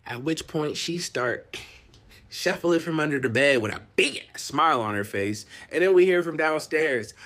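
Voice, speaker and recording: A young adult man casually telling a story to camera, slangy and animated, now and then dropping into a hush. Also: fairly high pitch, normal speed. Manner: animated, slangy, dips into hushed whispers.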